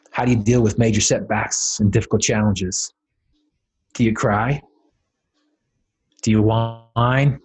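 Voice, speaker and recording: A man with a husky, slightly rough voice tells a personal story as a podcast guest. He talks dramatically and builds to emphatic, rising peaks. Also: lowish voice, fairly even intonation, slow, long pauses, a little mellow. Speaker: podcast guest, motivational speaker.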